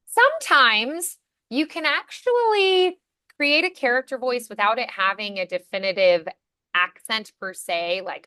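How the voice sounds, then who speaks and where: A woman's voice: on the high side, animated, a little slow, pushed and bright, no room sound, studio quality. An American woman coaching voiceover in a casual chat, telling stories and acting out the voices of people she quotes. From United States. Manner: chatty storyteller, acts out quoted voices.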